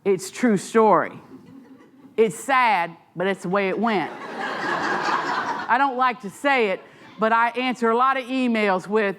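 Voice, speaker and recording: A middle-aged woman with a Southern American accent tells stories at a library author talk, her voice sitting a little high. She keeps breaking in with comic, self-mocking asides and well-timed pauses. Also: fairly bright tone. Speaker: author speaking at a library event. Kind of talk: storytelling talk. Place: library event hall with an audience.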